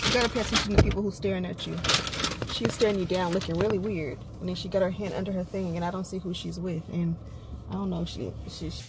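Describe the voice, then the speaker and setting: A woman's voice: quick pace, heavy background noise. A woman and mom chatting candidly to her viewers in a casual vlog. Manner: chatty and candid, with lively jumps in pitch. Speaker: vlogger and mom. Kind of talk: casual vlog chat to camera.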